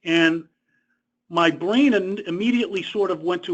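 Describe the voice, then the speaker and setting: This presenter on government contract costs has a high male voice and speaks at a moderate pace. He lectures conversationally in a webinar, using personal stories to illustrate the rules, over dull, lo-fi audio.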